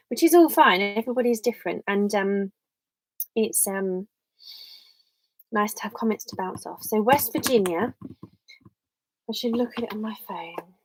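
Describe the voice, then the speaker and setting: A woman's voice: medium pitch, no room sound, poor audio. A young English woman chatting casually on a live stream from her home office, rambling and thinking aloud as she reads viewer comments.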